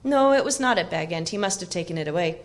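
A woman's voice: fairly low pitch, expressive, fast talker, lightly acted. A woman voicing an earnest, anxious young male hobbit in an audiobook reading, with emotional, exclaiming delivery.

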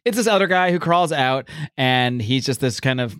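A man's voice: mid-range voice, expressive, moderate pace, fairly bright tone, smooth, no echo, clean studio sound. A man co-hosting a podcast, casually recapping a comic book in a chatty way and restarting his sentences often. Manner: chatty, restarts often, acts out characters in quotes. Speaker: podcast co-host.

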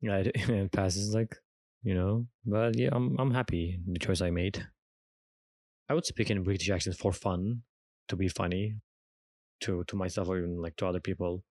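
Deep-voiced man from Turkey, halting chat. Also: no room sound. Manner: relaxed, halting, with many fillers and restarts. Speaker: podcast co-host. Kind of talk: casual chat.

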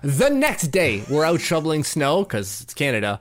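Animated, slightly high-voiced male co-host. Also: moderate pace. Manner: animated storyteller, acts out voices. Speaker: podcast co-host. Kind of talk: casual chat. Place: lives in Canada.

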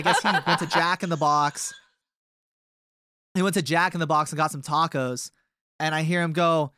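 A man's voice: a little high, fairly even intonation, normal speed, sharp tone, smooth, no echo, studio quality. A young man in a band chatting casually as a guest, rambling through a story with lots of filler words. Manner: rambling, many fillers and restarts. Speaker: touring band member, guest.

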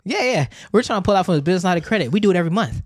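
A man with a slightly high voice tells a story to his co-host in casual chat. He acts out each person's lines with shifting voices and laughs as he goes. The sound is dry and close. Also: rapid-fire, no room sound. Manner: animated, acts out both sides of conversations, laughs often. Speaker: podcast co-host.

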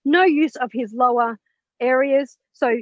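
High-voiced woman retelling a story. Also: unhurried, dry recording. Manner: animated, acts out quoted dialogue, blunt with mild swearing. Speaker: interview guest, author and spiritual mentor. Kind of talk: conversational storytelling. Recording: dull, dry lo-fi audio.

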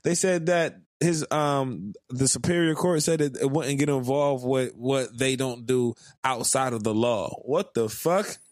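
A man co-hosting a podcast, swearing often, laughing a lot and rushing his words in casual chat. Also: medium pitch, dry recording, studio quality. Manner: profane, laughs a lot, fast bursts. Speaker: podcast co-host.

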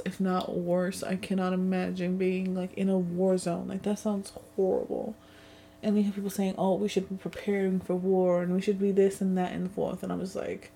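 A woman's voice: mid-range voice, vocal fry, warm tone, a little hiss or hum. A young woman in a casual vlog, venting in a rambling way with frequent swearing and sarcastic asides. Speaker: vlogger. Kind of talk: casual chat.

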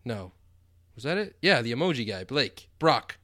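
A man's voice: mid-range voice, big pitch swings, normal speed, sharp tone, dry recording, studio quality. A man co-hosting a fantasy football podcast in casual chat, teasing and laughing often. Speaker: podcast co-host.

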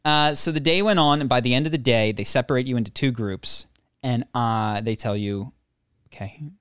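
A man in his own casual chat, telling a story with lots of animation and mock voices. His pitch sits in the middle for a man, and the sound is dry and close, with no room behind it. He pokes fun at himself as he goes. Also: a little fast, clear, resonant tone, no room sound. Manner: animated, acts out quoted voices, laughs often; self-deprecating humor.

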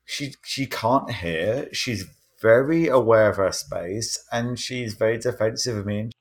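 This man's voice sits fairly low, and his pace is a little slow. As a panelist in a relaxed podcast conversation, he wanders through a story, performing each quoted line with lively character voices.

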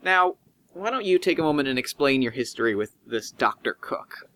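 A man's voice: mid-range voice, expressive, moderate pace, a bit bright. A man narrating as game master in a tabletop role-playing game, casual and rambling with fillers.

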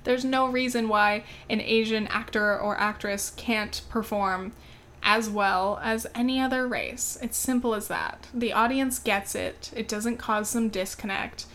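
An American woman reviews films in a casual on-camera chat, with lots of "um" and "like" and the odd heated moment. Her fairly high, fairly bright voice has fairly even intonation and a measured pace, with a little hiss or hum in the recording.

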